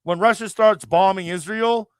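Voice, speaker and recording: A man's voice: sits high, moderate pace, smooth, no room sound, studio quality. A man from Canada hosting a live chat stream, delivering a profane, heated, rambling political rant. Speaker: livestream host.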